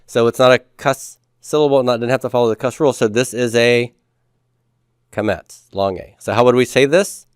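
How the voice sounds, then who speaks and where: A man's voice: medium pitch, steady tone, moderate pace, clean tone, no echo, clean studio sound. A man reviewing homework as a teacher, patiently asking questions, answering them himself, and drawing out key words. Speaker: Hebrew teacher.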